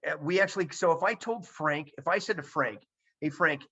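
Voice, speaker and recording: A man's voice: a little high, fairly quick, bright, forceful tone, breathy edge. A man giving a seminar talk to a virtual audience over a video call, emphatic and repeating his key points. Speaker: presenter. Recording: dull lo-fi sound.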